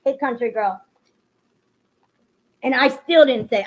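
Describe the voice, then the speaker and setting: A woman streamer talks in a casual, blunt way, swearing freely as she chats with her viewers. Her voice sits a bit high. The sound is dull and lo-fi, like cheap stream audio. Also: slow pace, long pauses. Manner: blunt, profane, greets chat viewers by name. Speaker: livestream host. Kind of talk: casual livestream chat.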